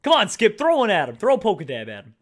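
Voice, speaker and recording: A man's voice: high-pitched, wildly swooping pitch, fast. A man hosting a casual gaming video, teasing his friend and hyping shots. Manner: teasing, playful, hypes up shots. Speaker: gaming YouTuber host.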